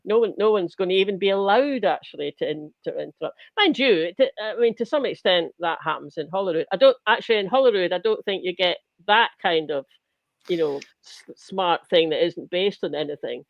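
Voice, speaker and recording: A woman, co-hosting a podcast in casual political chat, animated and often repeating her words as she starts a thought. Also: on the low side, fairly quick, no room sound. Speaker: podcast co-host. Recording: dull lo-fi dry sound.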